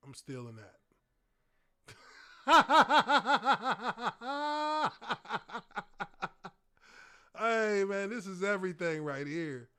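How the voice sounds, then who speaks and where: A man in his thirties giving casual live-stream commentary, excitable and hyped, laughing often. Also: sits high, extremely slow, pauses often.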